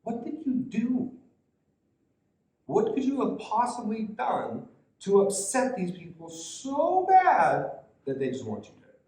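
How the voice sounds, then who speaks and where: A man voicing a baffled Roman governor who asks incredulous, drawn-out questions. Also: very high voice, sing-song, darkish tone, pitched above the performer's own voice, heavily acted. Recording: echoey room.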